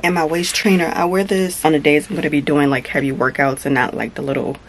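A young woman talking casually through her home workout routine, keeping her voice hushed in the early morning. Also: deep voice, steady tone, fast, low-quality recording. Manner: hushed and soft, trying not to wake others. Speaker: fitness vlogger. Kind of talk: casual vlog narration.

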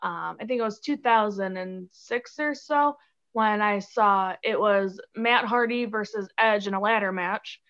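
A woman's voice: mid-range voice, a little slow, a bit bright, lo-fi sound. A young woman from Chicago, a guest on a podcast, chatting casually and giggling, with many "like"s and "um"s. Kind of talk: casual interview chat.

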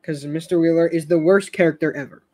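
A high-pitched young man chatting casually on a fan stream. He rambles, trips over his words and restarts sentences, laughing now and then as he goes. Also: fairly even intonation, quick pace, a little mellow. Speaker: show fan host.

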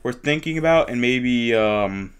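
A young man with a cold hosting a casual gameplay commentary, chatty and excitable, rambling as he goes. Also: mid-range voice, a little slow, clean tone. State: has a cold, sniffling. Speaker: gaming channel host. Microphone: desktop mic with face cam.

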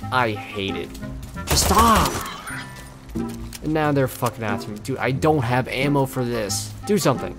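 A young man casually commentating his gameplay, swearing and getting exasperated with loud outbursts, with game music behind him. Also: mid-range voice, brisk, hardly any pauses. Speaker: gameplay streamer.

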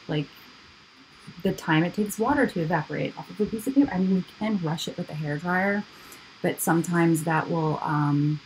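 A woman's voice: on the low side, a little mellow, slight background noise, poor audio. A woman artist hosting a live painting stream, chatting casually and goofily to herself while she works.

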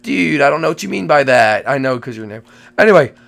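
Excitable gravelly young-sounding man host. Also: mid-range voice, a little fast. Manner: excitable, exclaiming and repeating himself. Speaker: channel host and Minecraft role-play player. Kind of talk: excited game role-play commentary.

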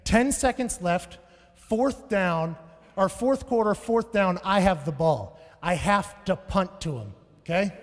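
A man in his thirties performs a stand-up set on a big stage, spinning stories in a loud, profane way that bursts into shouts. His voice sits high, and it rings out through a live hall with a long reverb tail. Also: animated, takes it slowly. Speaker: stand-up comedian. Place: large venue on stage.

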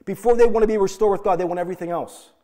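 A man's voice: high-pitched, racing, mellow. A middle-aged male pastor preaching a sermon in an earnest, emphatic way, asking the congregation direct questions.

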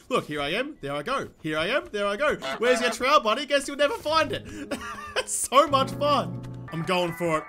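Excitable high-voiced man. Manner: excitable, giggly, swings between hushed scheming and loud outbursts. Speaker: gaming YouTuber. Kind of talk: gameplay commentary.

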